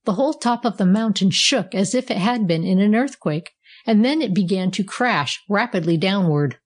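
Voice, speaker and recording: A woman narrating a storybook with a measured, expressive reading style. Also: mid-range voice.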